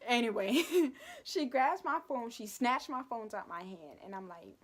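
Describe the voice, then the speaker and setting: A young woman telling a school story for her vlog, animated and dramatic with lots of asides. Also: fairly high pitch, a little slow. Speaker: vlogger.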